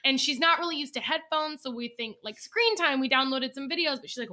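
Chatty young woman co-host, bright voice. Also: high voice, animated, a little fast. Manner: chatty, rambling, swears casually. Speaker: podcast co-host. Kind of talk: casual chat.

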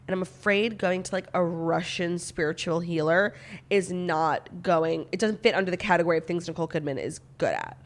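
A young woman co-hosting a chatty podcast, with a lowish voice. Her delivery is wry, and she tends toward dramatic declarations. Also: fairly quick. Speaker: podcast co-host. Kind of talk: casual chat.

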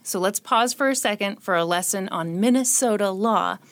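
A woman's voice: medium pitch, moderate pace, no room sound. A woman hosting a podcast who tells a true crime story and chats in a jokey, sarcastic way, short on sleep. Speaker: podcast host.

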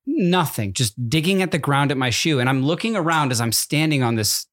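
A man's voice: fairly high pitch, expressive, fairly quick, fairly bright tone. A man in his thirties, a podcast co-host, chatting casually and telling a rambling story with many self-corrections. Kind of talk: casual chat.

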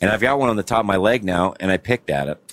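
A man's voice: fairly low pitch, expressive, fast talker, fairly bright tone, dry recording. A man in his late forties hosting a casual podcast, rambling and laughing as he tells stories. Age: 40s. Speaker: podcast host, comedian.

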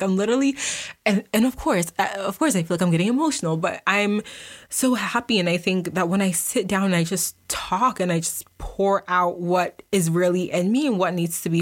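Young woman, low-ish voice, chatty rambling podcast host, laughs a lot. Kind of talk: unscripted casual chat. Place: basement room at home.

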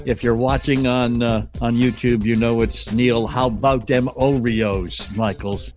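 A man's voice: medium pitch, steady tone, unhurried, darkish tone, soft background music. A middle-aged man co-hosting a talk show in casual chat, full of jokes and punchlines. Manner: joking, punchline-driven. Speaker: co-host.

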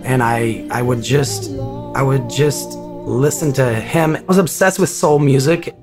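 A man in an interview, recalling a personal story in a reflective, halting manner. His voice sits in an ordinary middle register, and he restarts sentences often as he searches for words. Soft music plays faintly underneath. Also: medium pitch, fairly even intonation.

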